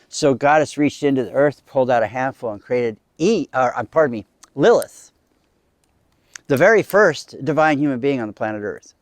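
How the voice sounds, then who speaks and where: A middle-aged man tells a comic story to a small live audience, casual and chatty, acting out voices in the quoted lines. His mid-range voice moves at normal speed, and the recording is clean studio sound with no room sound.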